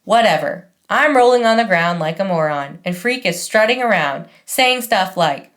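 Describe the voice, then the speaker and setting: A woman's voice: medium pitch, lively intonation, moderate pace, hardly any pauses, a bit bright. A woman reading a first-person audiobook in a wry, conversational manner. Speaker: audiobook narrator.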